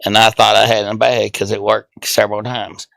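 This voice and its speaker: This is a man with a gravelly, bright voice who tells crude stories as a podcast guest and keeps breaking into laughter. He was recorded dry and close. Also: fairly low pitch, little pitch movement, fairly quick, no echo. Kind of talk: casual storytelling chat.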